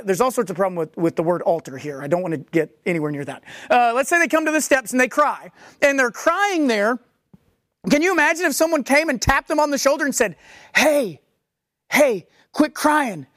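A woman delivers a sermon in a high, swooping voice. She preaches conversationally, with animated asides. The sound is dry and close, with no room echo.

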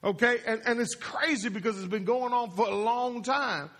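A man preaching in a sermon, his voice high and a little husky. He throws questions to the congregation and repeats lines for emphasis, with a long reverb trailing behind him in the hall. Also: moderate pace, a bit bright. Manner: call-and-response, questions to the congregation; repeats phrases, rising and falling emphasis.

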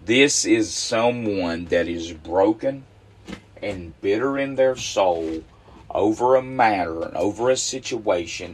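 Emphatic low-voiced preacher man. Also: expressive, slow, long pauses, slight background noise. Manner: emphatic, repeats phrases for stress. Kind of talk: midweek sermon.

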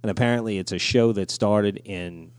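A man's voice: lowish voice, normal speed, clean tone, dry recording, studio quality. A man hosting a podcast in casual chat, rambling, swearing freely and laughing often. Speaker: podcast host.

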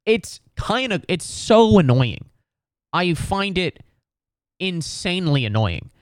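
A man's voice: on the high side, big pitch swings, takes it slowly, no echo. A man of thirty hosting a podcast alone, ranting sarcastically and profanely about basketball, often slipping into mocking voices. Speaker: podcast host. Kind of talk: solo comedic sports rant.

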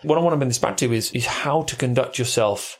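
A man's voice: medium pitch, quick pace. A man co-hosting a podcast, chatting casually and acting out bits of dialogue as he tells a story. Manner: animated storytelling, acts out dialogue. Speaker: podcast co-host. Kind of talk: casual chat.

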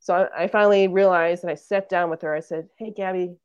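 A woman's voice: on the low side, fairly even intonation, fast, clean tone, no room sound, highs cut off. A woman in her thirties, a podcast guest, earnestly telling a family story in casual conversation and acting out what relatives said. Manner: earnest storytelling, acts out quoted family members.

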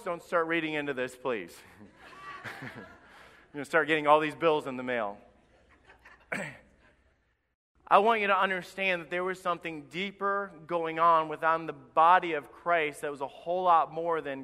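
A man preaching a sermon as pastor, lively and acting out the people he quotes. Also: high-pitched, normal speed, clean tone. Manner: animated, acts out quoted voices. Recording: live in a reverberant church.

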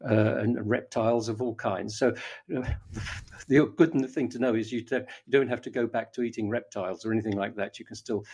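A man's voice: mid-range voice, fairly even intonation, moderate pace, darkish tone, breathy edge. An older man, a guest in an interview, talking at length with many fillers, restarts and a lost train of thought. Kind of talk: conversational interview.

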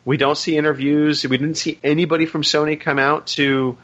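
Bright-voiced chatty male podcast host. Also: a little high, level tone, a little fast, muffled recording. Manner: chatty, rambling with fillers. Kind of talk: casual podcast chat.

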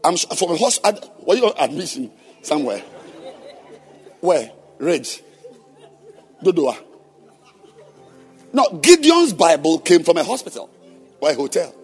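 A man preaching to church leaders, questioning members of the congregation and then shouting his points. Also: a little high, sing-song, unhurried, pauses often, breathy edge, soft background music, a faint crowd. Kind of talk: sermon. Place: church hall.

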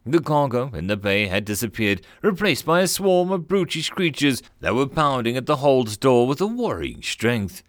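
A man narrating a science fiction story in an expressive storytelling manner. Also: mid-range voice, normal speed, few pauses, no room sound, studio quality.

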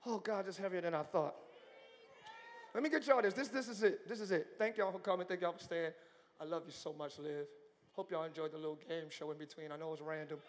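A male pastor preaching a live sermon in a large church, moving from hushed talk to shouting. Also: on the high side, quick pace. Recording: long church hall reverb.

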